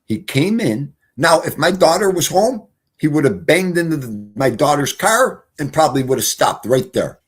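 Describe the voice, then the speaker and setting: A middle-aged man telling stories casually on a livestream, animated, swinging from loud exclamations to quiet mutters. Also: a little high, moderate pace, few pauses, slightly rough. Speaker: streamer.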